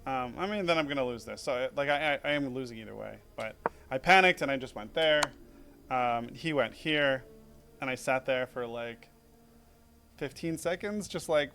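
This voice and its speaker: A man's voice: medium pitch, normal speed, creaky, bright, forceful tone. A young man casually reviewing his own chess game in a rambling, self-critical way, full of fillers.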